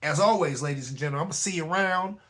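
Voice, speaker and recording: Chatty male host with a higher voice. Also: rapid-fire, a bit bright, a little hiss or hum. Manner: conversational, repeats "you know what I'm saying". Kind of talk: casual commentary monologue.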